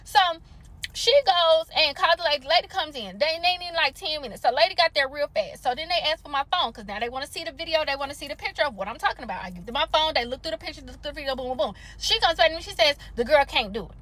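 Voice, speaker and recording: A woman telling an animated, slangy, exasperated story about a salon visit, in a storytime vlog. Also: high-pitched, fast talker, dry recording.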